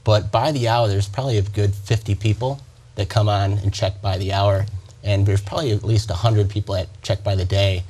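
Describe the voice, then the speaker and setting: Low-voiced man, hesitant interview guest. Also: fairly even intonation, a little fast, dark tone. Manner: hesitant, with frequent fillers. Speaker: website founder guest. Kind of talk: talk show interview.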